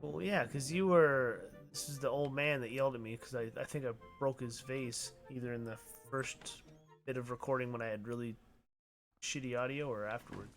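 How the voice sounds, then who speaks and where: A man casually commenting as he plays a video game, with low-key, mumbled asides. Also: steady tone, normal speed, faint music behind. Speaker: let's play host.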